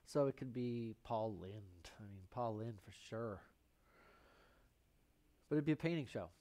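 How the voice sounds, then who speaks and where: A man's voice: fairly low pitch, lively intonation, unhurried, warm tone. A man hosting a live painting stream, thinking aloud in rambling, self-mocking asides as he works. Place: painting studio.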